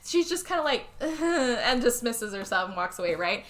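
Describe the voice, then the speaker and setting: Bright-voiced, animated woman recapping. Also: mid-range voice, brisk. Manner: animated storyteller, acts out quotes, laughs often. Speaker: podcast co-host. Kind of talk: casual movie recap chat.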